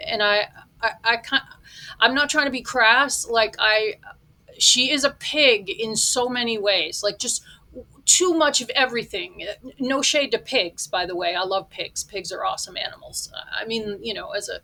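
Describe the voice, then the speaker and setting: A middle-aged woman delivers reaction commentary in a bright, cutting voice set a little high. Her tone stays blunt and sarcastic as she mocks what she watches. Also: normal speed. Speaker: reaction vlogger.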